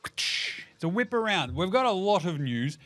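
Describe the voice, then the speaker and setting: With a high-pitched, sing-song, slightly bright voice and a somewhat slow pace, an Australian man in his thirties hosts a laid-back sports podcast. He rambles, curses, jokes around and adopts silly voices when quoting people.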